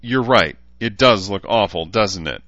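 A man's voice: lowish voice, lively intonation, unhurried, bright, forceful tone, dry recording, muffled recording, pitched above the performer's own voice, heavily acted. A man voicing a sulky, defiant teenage girl who talks back hotly.

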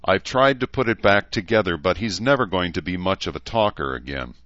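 Spiteful woman doctor, voiced by a male reader; low register, lo-fi. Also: lively intonation, brisk, fairly bright tone, dry recording.

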